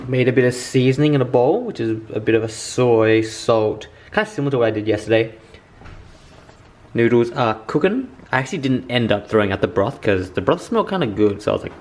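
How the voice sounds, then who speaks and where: A young man narrating a casual home cooking vlog in a chatty, excitable way, swearing freely. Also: on the low side. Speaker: vlogger. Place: home kitchen.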